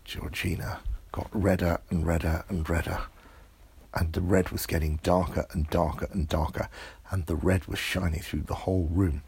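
A man telling an improvised bedtime story in a soft voice that often drops to a whisper. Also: sits low, flat delivery, normal speed, vocal fry, husky.

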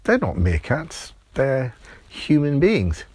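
Man doing a chill matter-of-fact meerkat, a bit higher, kinda husky, storybook. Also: huge pitch swings, takes it slowly, a little mellow, dry recording, exaggerated voice.

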